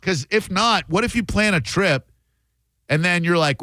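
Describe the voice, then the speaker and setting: A man's voice: high voice, expressive, moderate pace, bright, forceful tone, dry recording. Joking male radio host, dry studio sound. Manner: joking, conversational, reads aloud from phone. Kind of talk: radio talk show chat. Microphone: studio microphone.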